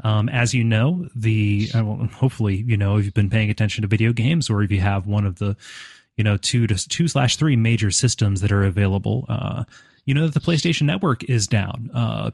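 A man with a low voice hosts a casual gaming podcast. He talks in a halting, stop-start way, full of fillers and restarts. The sound is dry and close, with no room around it. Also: vocal fry, dry recording. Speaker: podcast host.

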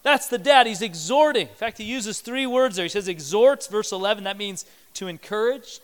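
Male pastor, sermon, high pitch, smooth resonant voice, conversational with acted-out quotes, echoing church hall. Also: expressive, moderate pace, a bit bright.

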